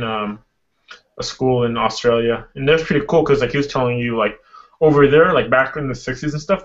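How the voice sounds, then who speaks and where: A man's voice: medium pitch, dull audio. A man co-hosting a casual group talk show, rambling with lots of "like" fillers. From Washington State, US. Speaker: podcast co-host.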